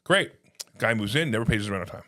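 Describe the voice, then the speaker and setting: A man telling stories in casual conversation, animated, acting out phone calls in quoted voices. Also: lowish voice, fast. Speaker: podcast guest, real estate investor.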